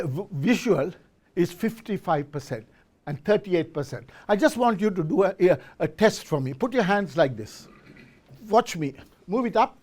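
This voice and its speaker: A middle-aged man giving a motivational business talk to a live audience, quizzing listeners and often restarting his words. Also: high voice. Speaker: speaker at a business forum. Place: event hall with a live audience.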